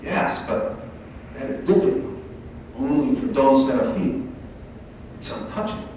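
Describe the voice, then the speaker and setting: A man voicing a smooth-talking male people smuggler who coaxes and hushes, read in a large event hall. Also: mid-range voice, expressive, unhurried, slight background noise, natural voice. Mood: hushed. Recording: echoey hall, mic from far off.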